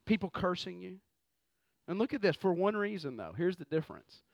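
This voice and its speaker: A man preaching a lively, conversational sermon full of rhetorical questions. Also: high-pitched, moderate pace, gravelly, dry recording, muffled recording. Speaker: pastor.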